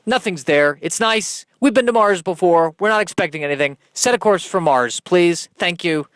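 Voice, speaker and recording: A man's voice: high-pitched, expressive, moderate pace, fairly bright tone, smooth, dry recording. Man playing a dithering starship captain. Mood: sheepish. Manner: stammering, fretful, apologetic. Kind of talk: comedic audio sketch.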